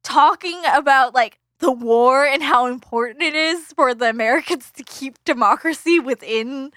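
A woman's voice: high-pitched, normal speed, fairly bright tone, no room sound, clean studio sound. A woman co-hosting a podcast who rambles through a casual film recap, full of fillers and laughter. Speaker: podcast co-host.

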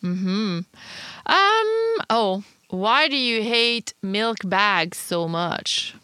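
A woman's voice: medium pitch, very animated, drawn-out words, bright, forceful tone, clean tone, no room sound. A woman with a Quebecois French accent hosting a podcast, chatting casually and teasing her guest, laughing often. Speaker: podcast host. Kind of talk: casual chat.

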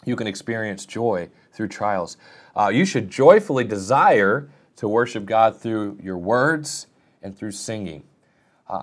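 A man preaching in an earnest, plain way, with a voice of middle pitch. He slips in self-deprecating asides and often lifts his voice to stress a point. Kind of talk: sermon.

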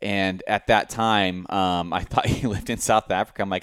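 A man hosting a podcast, rambling and halting with many restarts. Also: low voice, steady tone, fairly bright tone, clean tone, no room sound, clean studio sound. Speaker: podcast host. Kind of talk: casual podcast conversation.

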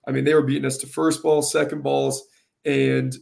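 Coach guy, super gravelly voice, talks kinda flat, stops and repeats himself. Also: mid-range voice. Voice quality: gravelly, carrying voice. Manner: earnest, halting, repeats words. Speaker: high school soccer coach. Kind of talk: casual interview.

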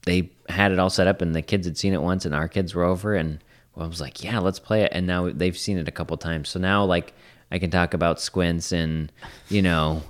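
A man appearing as a podcast guest in a studio, chatting casually and relaxed, often giving short agreeing replies. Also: low-pitched, a little fast. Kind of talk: casual chat.

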